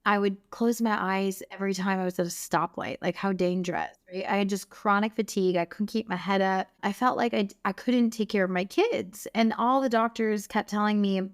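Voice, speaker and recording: Woman, interview guest, earnest, passionate, smooth clear voice, middle pitch. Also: steady tone, brisk, few pauses. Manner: earnest and passionate, voice rising with feeling. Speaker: guest, wellness clinic founder. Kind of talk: emotional personal storytelling.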